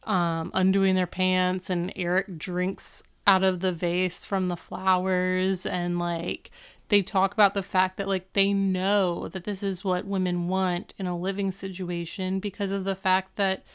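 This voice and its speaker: A woman co-hosting a casual chat, retelling a TV episode with lots of "like" and dry deadpan asides. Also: fairly low pitch, a little slow, clear, resonant tone. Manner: chatty, filler-heavy retelling with frequent "like". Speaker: podcast co-host recapping a TV episode.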